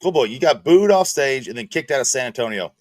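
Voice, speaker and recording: A man's voice: mid-range voice, expressive, quick pace, darkish tone, dry recording, studio quality. A man hosting a stream, roasting his friend with crude, mocking jabs. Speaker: stream host. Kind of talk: casual stream chat.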